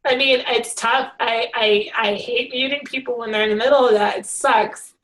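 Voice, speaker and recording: A woman talks to a group on a video call, her pitch set a touch high. She rambles and restarts, full of filler words, but keeps an animated, friendly flow. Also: moderate pace, low-quality recording. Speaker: hangout organizer.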